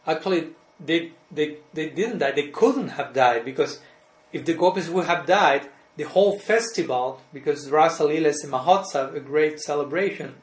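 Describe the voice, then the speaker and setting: Male spiritual teacher, fairly high voice, halting, repeats himself, roomy echo on the line. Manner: halting, restarts phrases, ends points with a questioning "no?"; chuckles between points. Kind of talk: devotional lecture answering questions on a call. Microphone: group call.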